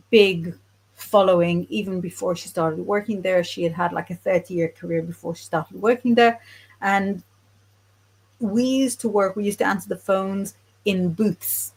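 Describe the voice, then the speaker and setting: A woman teaching psychic development, chatting frankly on a live stream while she reads viewer comments aloud. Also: mid-range voice.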